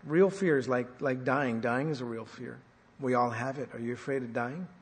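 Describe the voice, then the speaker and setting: A man's voice: mid-range voice, normal speed, husky. Man preaching in an echoey hall. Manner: dynamic preaching, swings loud and soft, rhetorical questions. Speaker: pastor. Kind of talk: sermon.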